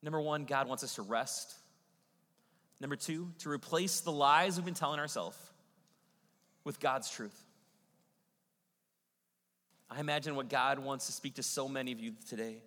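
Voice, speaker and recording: A male pastor preaching a sermon, swinging between booming Bible reading and hushed, intimate passages. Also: normal speed, pauses often. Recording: long hall reverb.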